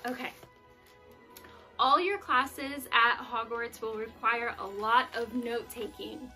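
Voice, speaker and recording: A woman's voice: fairly high pitch, slow pace, soft background music. A woman hosting her own channel, chatting casually while unboxing gifts, gushing with exclamations and sounding touched, close to tears. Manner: gushing and effusive, many exclamations; soft-spoken and touched, near tears. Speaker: YouTube channel host.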